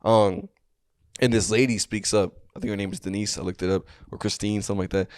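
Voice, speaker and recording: A man's voice: lowish voice, fairly even intonation, fast talker, no room sound, clean studio sound. A young man co-hosting a comedy podcast, telling a story casually with many fillers and restarts. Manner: rambling, lots of fillers and restarts.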